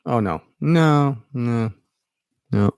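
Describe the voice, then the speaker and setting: A man's voice: mid-range voice, very slow, a little mellow, clear, resonant tone, no echo. A man hosting a podcast in casual chat, giving dry, wry replies and short murmurs. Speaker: podcast host.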